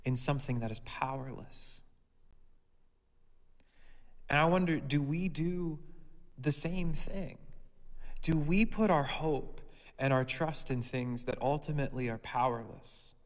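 A man's voice: fairly high pitch, unhurried, long pauses, in a large hall. A man preaching a sermon, reading a scripture passage and then asking his listeners pointed rhetorical questions.

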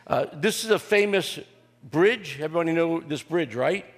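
An older man, a pastor, preaching a sermon and telling family stories in a folksy, joking way, often pausing on "uh". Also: a little high, lively intonation. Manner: folksy and joking, with frequent "uh" fillers. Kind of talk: sermon with personal storytelling. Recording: long reverb of a large hall.

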